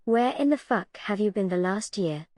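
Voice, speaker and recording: A woman gives sarcastic reaction commentary, blunt and mocking, with curse words. Her tone is mellow and dark. The sound is dry and close. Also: medium pitch, lively intonation, normal speed, no room sound. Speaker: reaction channel host.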